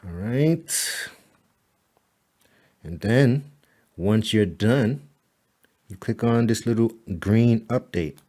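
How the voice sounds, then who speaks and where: The speaker, a man with a slightly low voice, is a web designer giving a client a relaxed screen-recorded tour of site editing. Loose and chatty, he repeats "all right" and "boom," laughs at his own moments, and mutters to the slow computer.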